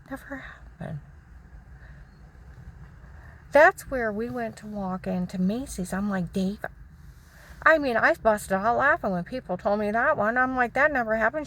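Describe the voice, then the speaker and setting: A woman's voice: a little high, fairly bright tone, slight background noise. A middle-aged woman vlogging, telling a personal story in a casual monologue and indignantly retelling back-and-forth dialogue.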